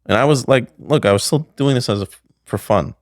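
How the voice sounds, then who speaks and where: Brisk and medium-pitched, this middle-aged man is a pickle maker guesting on a podcast. He tells a story loosely, rambling and restarting often, into a close studio mic with no echo.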